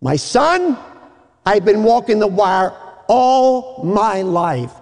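A steady, fatherly voice of a veteran wire walker played by a preacher, reassuring and gravelly. It sits fairly high, with a long echo from the hall. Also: slow pace, full character voice. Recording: echoey hall.

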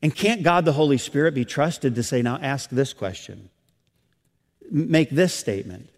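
A middle-aged male pastor delivers a sermon at an ordinary mid pitch, climbing into emphatic, raised lines and then dropping to near-hushed asides. His voice rings out with a long reverb tail, as in a church sanctuary. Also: animated, moderate pace. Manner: preaching with rising, emphatic bursts and hushed asides.

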